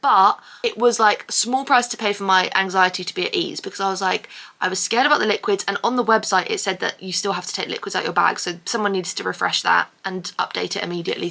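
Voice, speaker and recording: A woman's voice: mid-range voice, vocal fry, pushed and bright. A woman telling a travel story in a casual vlog, sarcastic and swearing a lot. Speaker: vlogger.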